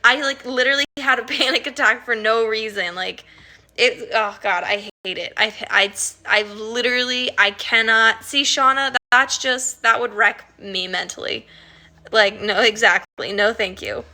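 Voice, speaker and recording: A woman's voice: a little high, normal speed, bright, forceful tone. A woman musician chatting casually on a livestream, rambling through a story, swearing freely and laughing as she reads viewer comments.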